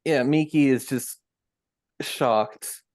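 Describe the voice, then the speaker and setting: A man playing a tabletop role-playing game, softly describing what his character does. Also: mid-range voice, very slow, no room sound. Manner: soft-spoken, describing his character's actions. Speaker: player.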